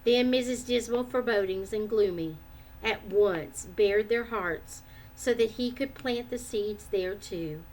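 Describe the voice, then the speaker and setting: A woman reading a children's book aloud in an expressive, measured way. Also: a little high, slight background noise. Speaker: storyteller.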